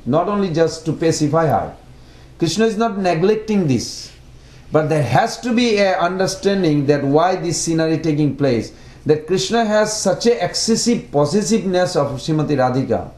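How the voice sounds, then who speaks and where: Guy giving a devotional talk, kinda high voice, halting english with lots of restarts, echoey room. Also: darkish tone. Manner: non-native English, halting with repeated words and restarts. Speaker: speaker giving a religious class. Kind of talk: devotional lecture.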